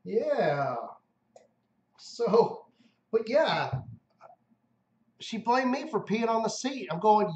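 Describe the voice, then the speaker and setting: A man's voice: sits high, expressive, very slow, long pauses, a little mellow, echoey room. A man co-hosting a casual live stream, telling crude stories in a rambling, jokey way with lots of restarts.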